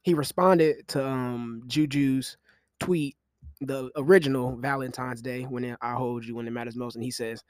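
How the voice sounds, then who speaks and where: Animated young man trash-talking on a podcast. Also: medium pitch, moderate pace, dry recording. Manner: animated, slangy trash talk with laughs. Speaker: podcast host. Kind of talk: casual commentary.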